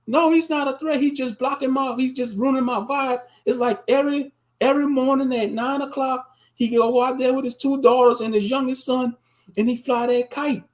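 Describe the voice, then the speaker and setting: A man's voice: very high-pitched, fairly even intonation, normal speed, pitched above the performer's own voice. A man putting on the voice of a petty woman phoning the police to complain. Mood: whiny complaining. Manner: whiny, complaining.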